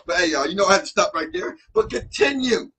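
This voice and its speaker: A man hosting a music reaction video, talking casually and excitedly, often breaking into exclamations while a song plays. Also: sits high, quick pace, heavy background noise. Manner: excitable, exclaims and interjects over the track. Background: song playing faintly.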